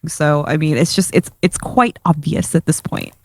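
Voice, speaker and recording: A woman's voice: deep voice, moderate pace. A woman co-hosting a casual podcast, chatty and profane, with lots of "like" and restarts. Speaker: podcast co-host.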